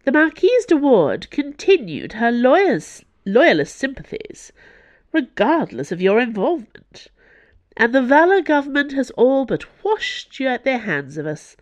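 A narrator voicing a cold, angry female cardinal in a storybook reading, with a sharp and reproachful delivery. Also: sits high, huge pitch swings, unhurried, no room sound, voice pushed up, full character voice.

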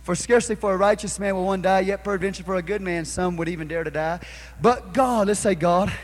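Male pastor, high voice, fervent call-and-response preaching, live church recording. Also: little pitch movement, fast talker. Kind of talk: sermon.

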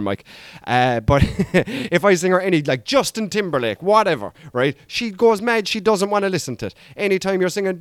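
Rambling Irish man, a little high-voiced. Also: no room sound, studio quality. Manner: rambling, self-mocking, chatty asides. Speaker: podcast host. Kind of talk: casual comic monologue.

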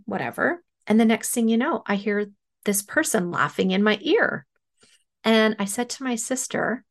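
Woman, podcast host, chatty personal storytelling, plays out the dialogue with energy, mid-range pitch. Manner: animated retelling with acted-out dialogue. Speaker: podcast host and spiritual medium.

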